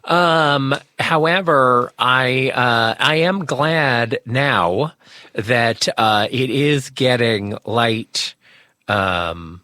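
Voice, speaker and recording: A man co-host speaks with a bright, mid-pitched voice, wry and dry in his humor. He pauses often with fillers as he talks. The recording is dry and close. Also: no room sound. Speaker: radio show co-host. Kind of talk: casual talk-show banter.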